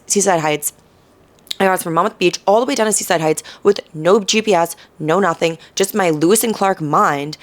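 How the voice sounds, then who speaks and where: A young woman from New Jersey with a Jersey accent, hosting a podcast and telling stories in a chatty way, full of "um"s and "right?" tags. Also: fairly low pitch. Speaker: podcast host. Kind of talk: casual storytelling monologue.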